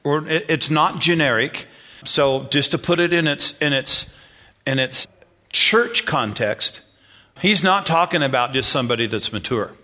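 Bright-voiced male pastor preaching. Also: a little high, lively intonation, measured pace. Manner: conversational preaching, many repeats and "okay?" checks. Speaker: senior pastor. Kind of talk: sermon.

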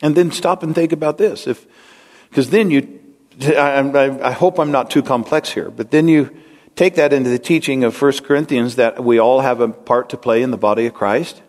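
A man's voice: medium pitch, normal speed, a little mellow. A man preaching a conversational, rambling sermon to his congregation, often asking them questions. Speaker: pastor. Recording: long hall reverb.

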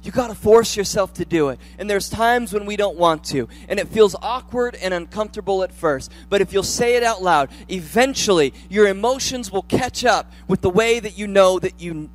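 A young man preaching a sermon in a church, chatty and joking, then rising to loud fervor. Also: high-pitched, moderate pace, hardly any pauses. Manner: humorous, conversational preaching that builds to loud fervor. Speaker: pastor.

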